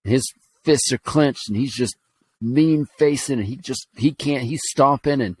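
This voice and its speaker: A man's voice: mid-range voice, normal speed, slightly rough. A man from Alabama telling a personal story on a podcast, earnest and rambling, with fillers and restarts. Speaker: podcast co-host.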